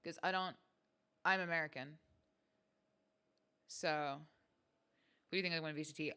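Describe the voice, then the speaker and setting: A woman's voice: deep voice, steady tone, measured pace, pauses often, sharp tone, clean tone. A woman hosting a livestream from home, chatting casually with her viewers in a playful, self-mocking way. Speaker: stream host.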